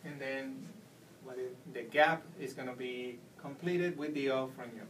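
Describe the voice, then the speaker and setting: A man's voice: medium pitch, fairly even intonation, a little slow, a bit bright. A man giving a whiteboard lesson as a Spanish teacher, explaining patiently step by step. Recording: distant mic with faint room noise.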